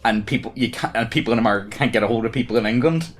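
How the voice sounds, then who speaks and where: A man's voice: mid-range voice, very fast. A man chatting casually as a player, cracking jokes and swearing. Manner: wisecracking, swears, laughs a lot. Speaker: player commenting. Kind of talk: casual chat.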